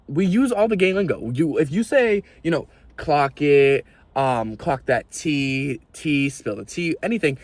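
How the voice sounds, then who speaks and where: A young man ranting to camera in a vlog, animated and exasperated, swearing freely. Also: fairly high pitch, dry recording. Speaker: video creator.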